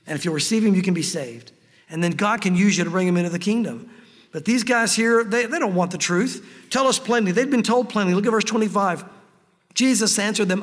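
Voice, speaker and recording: A pastor preaching a sermon earnestly, slowing down to stress key phrases. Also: male voice, sits high, animated, a bit bright, long reverb tail.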